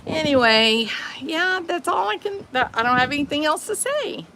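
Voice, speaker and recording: A woman's voice: high-pitched, expressive, moderate pace, bright, forceful tone, slight background noise, rough recording. A woman chatting casually on a live vlog outdoors, talking to her viewers and her pets. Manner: chatty, talks to her pets, laughs often. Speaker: vlogger. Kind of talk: casual live-stream chat.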